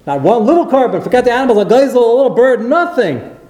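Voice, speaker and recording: A man delivering a Torah lecture, telling stories with animated, acted-out quotes. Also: very high-pitched, fast. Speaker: rabbi. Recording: roomy echo.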